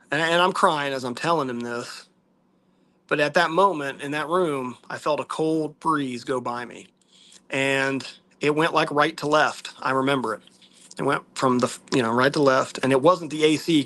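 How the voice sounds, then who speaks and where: Guy vlogging, soft and halting, earnest, bright voice. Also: medium pitch. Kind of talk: personal storytelling to viewers.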